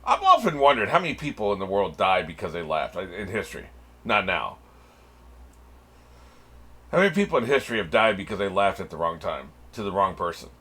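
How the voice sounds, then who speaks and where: A man's voice: deep voice, very animated, fairly quick, pushed and bright, breathy edge. A man hosting a reaction channel, giving casual commentary on an anime episode, laughing often and swearing freely.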